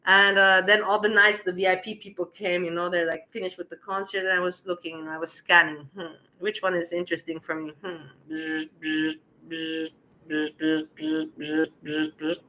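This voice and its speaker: A woman casually telling a personal story to her viewers, animated and laughing as she acts out the dialogue. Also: fairly low pitch, brisk, a little hiss or hum, low-quality recording.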